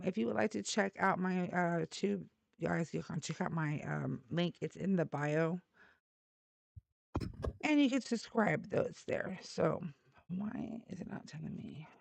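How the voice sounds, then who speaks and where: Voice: mid-range voice, creaky, no room sound. A live call-in show host arguing politics with callers in a blunt, mocking, combative way. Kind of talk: heated live call-in debate.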